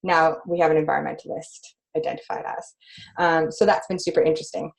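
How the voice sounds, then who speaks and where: A woman leading a webinar, chatty and animated with many fillers. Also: deep voice, fast, creaky, poor audio. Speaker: course host and activist. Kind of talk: casual webinar teaching.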